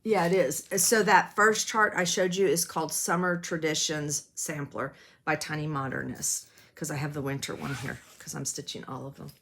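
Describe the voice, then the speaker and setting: A woman's voice: sits low, steady tone, normal speed, a bit bright, slight background noise. Chatty woman, rambling with ums. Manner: self-deprecating and gushing. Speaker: cross-stitch vlogger. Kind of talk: casual show-and-tell chat.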